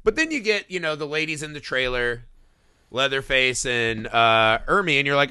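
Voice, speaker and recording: A man's voice: mid-range voice, normal speed, clean tone, dry recording, studio quality. A man co-hosting a film podcast, chatting casually and profanely about a movie. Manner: animated, profane, acts out movie lines. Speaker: podcast co-host. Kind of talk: casual film review chat.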